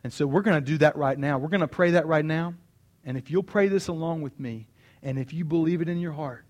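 A man's voice: fairly high pitch, fairly quick, a little mellow. Earnest man preaching a sermon. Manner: earnest, personal, with emphatic repeated phrases. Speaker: pastor.

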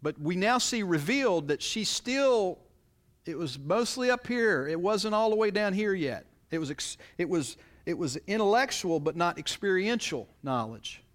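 A pastor with a high, sing-song voice reads scripture aloud and then explains it in an expository sermon. He often turns to the congregation with rhetorical questions. His pace is moderate and his tone fairly bright.

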